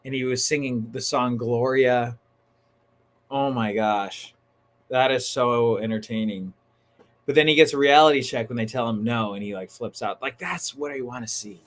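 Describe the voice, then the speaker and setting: A chatty man hosting a laid-back livestream, talking at an ordinary middle pitch. He gets excited fast and leans on slang like "dude" and "bro". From Northern California. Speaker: livestream host. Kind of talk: casual livestream chat.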